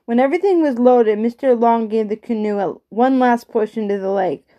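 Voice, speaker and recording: A woman with a slightly high voice reads a children's chapter book aloud at an unhurried pace. She gives each character's line only a light change and keeps to her own reading voice. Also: highs cut off. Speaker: reader. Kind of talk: storybook read-aloud.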